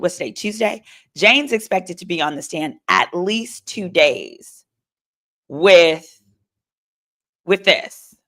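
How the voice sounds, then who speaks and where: Sassy woman lawyer live-streaming, gravelly. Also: lowish voice, fairly bright tone. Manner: chatty, sassy asides to the chat. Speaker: lawyer host of a live legal commentary stream. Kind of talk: live-stream commentary reading chat.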